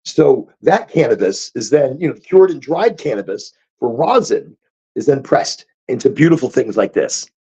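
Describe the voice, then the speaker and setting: A man hosting a casual livestream chat, high and rambling, repeating himself and chuckling at his own jokes. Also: sing-song, normal speed, mellow, slightly rough, dull audio. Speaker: podcast host.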